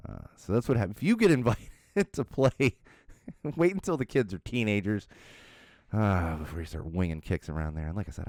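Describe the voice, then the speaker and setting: A man's voice: low voice, a little fast, no room sound, clean studio sound. A middle-aged man hosting a podcast, telling funny stories about himself in a casual, chuckling way. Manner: animated, chuckling, self-deprecating anecdotes. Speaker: podcast host. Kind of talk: casual solo podcast storytelling.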